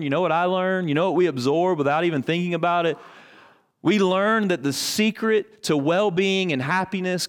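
A man's voice: a little high, smooth. A male pastor preaching a sermon, building emphasis through repetition and rhetorical questions.

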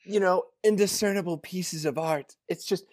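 A man's voice: high-pitched, normal speed, darkish tone, natural voice. A man voicing a snooty, effusive female art lover in an improvised comedy podcast, gushing theatrically over pretentious pieces.

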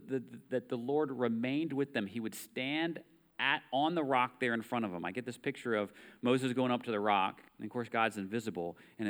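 An American pastor preaching a sermon in an easy, conversational way. His voice sits at a medium pitch, and he reads passages aloud and turns to the listeners with rhetorical questions.

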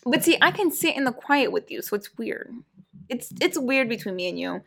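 A woman's voice: a little high, normal speed, gravelly. A young woman telling a story in casual chat, acting out what people said. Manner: animated, acts out quoted voices. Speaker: podcast co-host.

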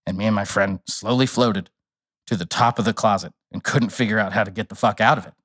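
As a podcast guest, a man tells a wild story in casual, profane language, animatedly acting out what people said. He talks fast in a lowish voice.

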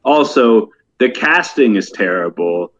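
A man's voice: medium pitch, expressive, measured pace, fairly bright tone, dull audio. A man co-hosting a casual podcast chat, sounding frustrated, with lots of fillers and casual swearing. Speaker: podcast co-host.

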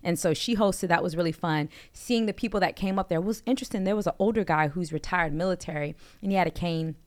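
A woman's voice: on the low side, fast. A woman hosting a comedy podcast, telling stories in an enthusiastic, chatty way. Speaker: podcast host. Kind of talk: casual chat.

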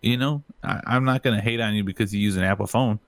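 A male streamer talking casually in a fairly low voice. He is laid-back and blunt, dropping swear words offhandedly. The recording is dry and close. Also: fast, no echo. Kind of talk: casual chat.

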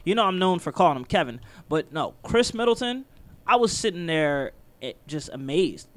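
Sports podcast co-host, man from Philadelphia: animated, playful, gets hyped about big plays. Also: moderate pace, no room sound. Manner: excitable, jumps up in pitch when hyped. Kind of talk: casual sports chat.

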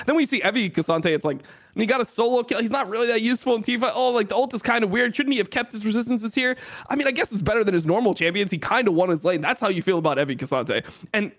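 Man, higher-pitched voice, loose, swear-heavy esports analysis. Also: fast talker, fairly bright tone. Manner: casual, profane game analysis with restarts. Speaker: esports co-host. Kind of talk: casual podcast chat.

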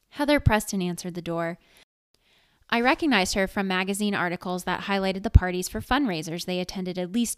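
A woman's voice: lowish voice, smooth, dry recording. A woman narrating a first-person story in a wry, sarcastic, conversational way, recorded close to the mic.

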